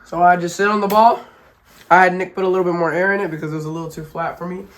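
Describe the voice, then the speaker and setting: A woman's voice: on the low side, steady tone, racing. Sick, breathless woman vlogging in an echoey room. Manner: chatty, joking, laughs at herself. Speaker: family vlogger. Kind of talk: casual instructional vlog.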